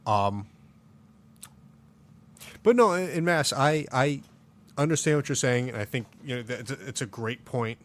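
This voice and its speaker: A man's voice: medium pitch, expressive, normal speed, long pauses, a bit bright. A man hosting a casual sports podcast, opinionated and rambling, full of fillers and restarts. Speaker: podcast host. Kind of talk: casual chat.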